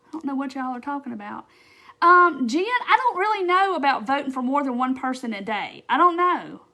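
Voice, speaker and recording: A woman's voice: high-pitched, big pitch swings, a little fast, sharp tone. A woman hosting a casual craft live stream, chatting to viewers in a bubbly way with lots of fillers. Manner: chatty and bubbly, with frequent fillers and quoted asides.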